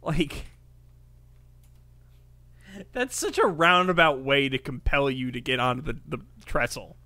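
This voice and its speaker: A man co-hosting a podcast, reacting in a skeptical way with quick wry remarks. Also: mid-range voice, big pitch swings, bright, forceful tone, no room sound. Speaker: podcast co-host. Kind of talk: casual podcast chat.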